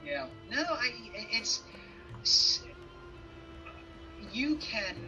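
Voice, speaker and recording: Male guest, halting and hesitant, set back from the mic over clear music. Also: very high voice, huge pitch swings, pushed and bright, distant mic, low-quality recording. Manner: hesitant, halting, with many restarts. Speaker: podcast guest. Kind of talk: casual conversation.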